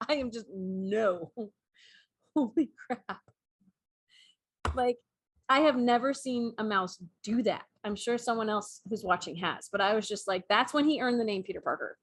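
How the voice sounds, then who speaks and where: Woman, co-host, lively storyteller, laughs a lot, slightly high voice, dry close sound. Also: measured pace, pauses often, no room sound. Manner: animated, laughing, acts out cat and mouse voices. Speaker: podcast co-host. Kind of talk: casual storytelling chat.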